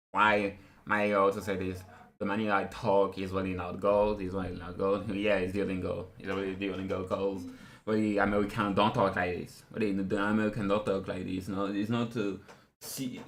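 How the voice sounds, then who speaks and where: A man whose first language is French, giving casual live-stream commentary in halting English, searching for words and restarting often. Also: sits low, slight background noise.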